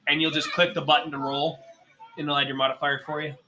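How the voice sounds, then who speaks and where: A man with a high, bright voice runs a tabletop game in a loose, casual way and walks the players through the rules. His voice rings in an echoey room, with faint noise in the background. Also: little pitch movement, fast. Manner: casual, swearing, explains rules patiently. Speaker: game master.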